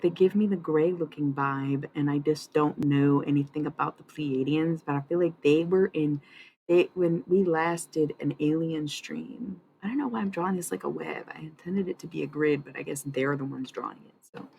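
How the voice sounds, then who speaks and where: Low-voiced woman streamer, dreamy and meandering. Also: gravelly, darkish tone, a little hiss or hum, rough recording. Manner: dreamy, meandering, laughs often. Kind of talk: casual livestream chat about channeling.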